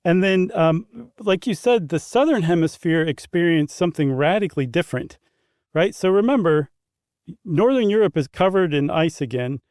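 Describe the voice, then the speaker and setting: A man's voice: fairly high pitch, expressive, normal speed, a little mellow, clean tone, dry recording, studio quality. Easygoing man co-hosting a podcast. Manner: easygoing, chuckling, explains with loose asides. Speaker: podcast co-host. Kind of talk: casual conversational podcast chat.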